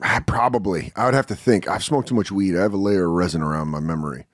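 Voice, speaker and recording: A man's voice: deep voice, quick pace, dry recording, studio quality. A comedian in his forties, a guest on a podcast, chatting casually and telling stories in which he acts out what other people said. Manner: animated storyteller acting out other people's lines. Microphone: studio podcast mic.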